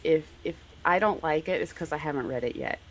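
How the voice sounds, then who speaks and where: A woman's voice: low voice, a little fast. A woman guest on a stream, chatting casually about comics and laughing often. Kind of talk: casual interview chat.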